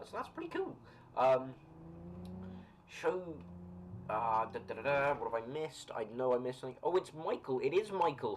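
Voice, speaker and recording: A young British man rambles through a live gaming stream, answering chat with an animated pitch that swings up and down. His talk is loose and friendly, and he laughs easily. Steady background noise runs under his voice. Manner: rambling, chatty, reads and answers chat comments, quick to laugh. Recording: noisy home recording.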